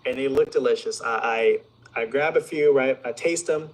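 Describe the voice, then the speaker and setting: A man's voice: mid-range voice, normal speed, rough recording. A man teaching a class in a loose, rambling lecture, checking in with his listeners after nearly every phrase. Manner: rambling, constantly checks in with "right?".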